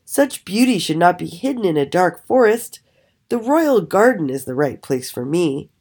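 A woman's voice: low voice, very animated, moderate pace, a little mellow, slightly rough, full character voice. A woman voicing a vain, boastful young male raven in a storybook reading, with a showy, whining manner.

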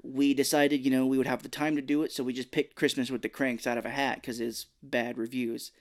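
A man in mid pitch co-hosting a podcast, talking in easy, casual chat. He is animated and keeps slipping into quick voices as he retells scenes. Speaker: podcast co-host.

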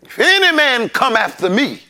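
High, bright-voiced preacher in full flow. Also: male voice, big pitch swings, moderate pace. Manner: preachy, call-and-response, rising to shouts. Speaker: pastor. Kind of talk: sermon. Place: church sanctuary.

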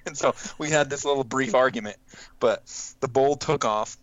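A man's voice: mid-range voice, moderate pace, muffled recording, crowd noise. A man casually telling a hunting story, acting out quotes and laughing as he goes. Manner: animated, acts out quotes with laughs.

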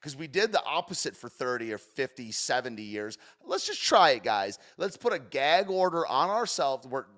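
Animated rambling young man. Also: mid-range voice, normal speed, few pauses. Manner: rambling, animated, jumps between loud and soft. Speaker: streamer reacting to a news clip. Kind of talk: casual opinionated commentary.

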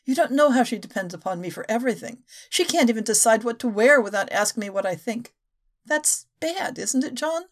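A woman's voice: a little high, expressive, a little fast. A woman reading the lines of an anxious, devoted middle-aged woman fretting over her companion. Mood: worried. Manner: earnest, worried.

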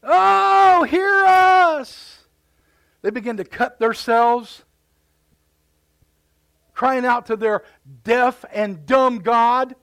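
A man's voice: very high-pitched, fairly even intonation, takes it slowly, pauses often, a bit bright. A man preaching a live sermon in a church, fervent and repeating words as he builds his points. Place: church sanctuary.

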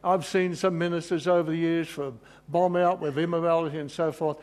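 A man's voice: fairly high pitch, fairly even intonation, brisk, darkish tone. A man preaching a sermon in an earnest, emotional way, rambling and restarting as he goes. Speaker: pastor.

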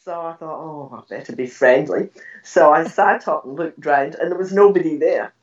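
An older woman telling stories in an interview, animated and laughing often, acting out what she said back then. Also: low voice, normal speed. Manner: animated storyteller, laughs often, acts out her own past words. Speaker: guest telling ghost stories. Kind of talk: storytelling in an interview. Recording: dull, slightly distant recording.

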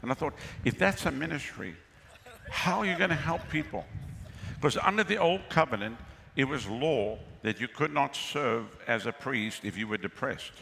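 A man's voice: mid-range voice, lively intonation, moderate pace, vocal fry, sharp tone. A man preaching a sermon as pastor. He is exclamatory and keeps calling out to the crowd for responses, in a venue with a crowd. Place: outdoor pavilion with a crowd. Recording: long reverb with faint ambient noise.

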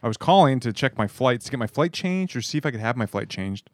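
A man's voice: medium pitch, fast talker, dry recording. A man co-hosting a podcast, chatting casually and swearing freely while telling stories. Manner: swearing, animated storytelling. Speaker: podcast co-host. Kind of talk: casual chat.

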